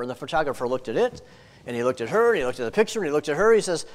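A male pastor preaching a sermon, telling stories and swinging from hushed lines to loud ones, repeating words for emphasis. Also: fairly high pitch, animated, very fast.

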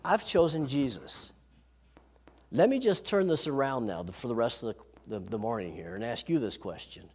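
Lively preaching man, lilt. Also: medium pitch, husky. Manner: lively preaching, slows for emphasis. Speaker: pastor. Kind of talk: sermon.

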